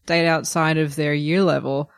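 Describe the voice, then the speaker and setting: A woman's voice: low voice, little pitch movement, normal speed, clear, resonant tone, dry recording. A young adult woman co-hosting a podcast, chatting casually with lots of fillers. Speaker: podcast co-host. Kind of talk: casual chat.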